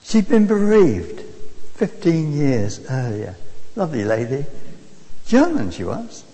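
A man preaching a sermon to his congregation and telling a story in a lively, conversational way, recorded in a church. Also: on the high side, slow. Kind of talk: anecdotal sermon. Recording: long reverb of a church hall.

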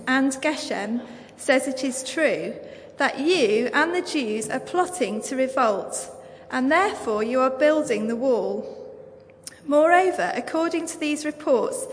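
Woman, English accent, high voice, reading scripture, long church reverb. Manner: measured, formal reading. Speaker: Bible reader.

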